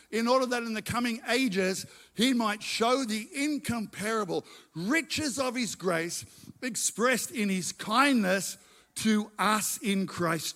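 A man's voice: very high voice, a bit bright. A middle-aged man preaching a sermon, emphatic and repeating his phrases as he tells his own story. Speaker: pastor.

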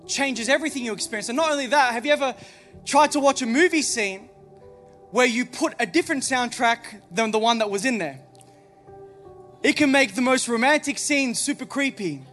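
A man's voice: very high-pitched, fairly bright tone. A man preaching a sermon as pastor on a church stage, emphatic, with many rhetorical questions.

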